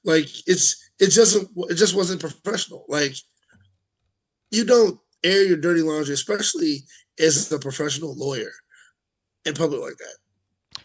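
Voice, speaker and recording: Guy on a podcast, slightly high voice, lots of ums and laughs. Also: a little slow, pauses often, rough recording. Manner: chatty, laughs often, trails off with fillers. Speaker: podcast co-host. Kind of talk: casual wrestling chat.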